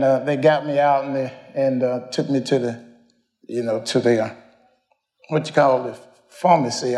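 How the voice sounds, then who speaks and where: A man's voice: medium pitch, a little mellow, roomy sound. An older man, preaching a folksy storytelling sermon, rambling and homespun as he addresses the congregation.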